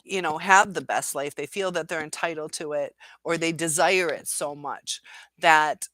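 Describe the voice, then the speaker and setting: A woman's voice: deep voice, fairly even intonation, moderate pace, fairly bright tone, no room sound. A woman hosting a casual live-stream chat, reading viewer comments and answering in a rambling way with many fillers and quoted asides.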